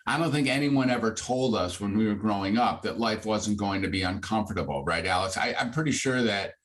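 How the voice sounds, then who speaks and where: A man in his sixties, a psychiatrist, talking freely in an interview and rising to high, lively bursts when he makes a point. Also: fairly quick. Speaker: psychiatrist guest. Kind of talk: conversational interview.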